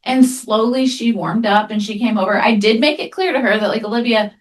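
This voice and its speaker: A woman therapist presenting a webinar in a conversational way. She tells lively anecdotes and often adds "right?" as she talks. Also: fairly high pitch, brisk. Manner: animated storyteller, frequent "right?" tag questions.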